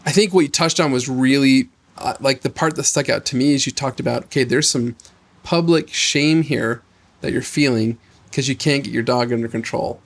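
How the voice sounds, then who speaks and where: A man co-hosting a podcast, coaching his friend in a gentle, reflective and affirming way. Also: mid-range voice, normal speed. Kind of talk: coaching conversation.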